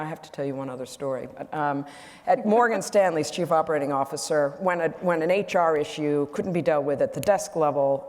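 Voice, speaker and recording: A woman's voice: sits low, darkish tone. A woman in her sixties, a guest speaker at an event, telling humorous anecdotes in a candid way and often correcting herself mid-sentence. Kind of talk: onstage conversation with anecdotes. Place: event hall. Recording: echoey hall reverb.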